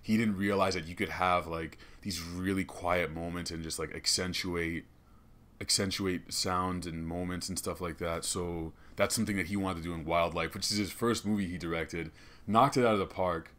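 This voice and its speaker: A young man hosting a comedy podcast, rambling and cursing in an excitable way from a small studio. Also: low-pitched, normal speed. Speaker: podcast host. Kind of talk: casual comedic podcast rant.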